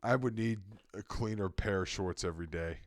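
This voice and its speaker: Low-voiced man, blunt co-host who swears a lot, dry close mic. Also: moderate pace, dry recording. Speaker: podcast co-host. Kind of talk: casual chat.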